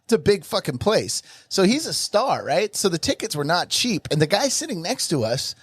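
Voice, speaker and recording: A man's voice: high voice, sing-song, normal speed, slightly rough, no echo. A young man on a podcast telling comedic stories in a casual, profane way, acting out the people he quotes. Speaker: podcast co-host.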